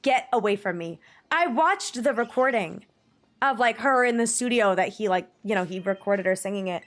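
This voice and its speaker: A woman's voice: medium pitch, lively intonation, moderate pace, a bit bright. A woman streaming live, chatting casually with viewers and gushing emphatically, with the odd swear. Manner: gushing, emphatic, swears, reads chat aloud. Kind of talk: casual livestream chat.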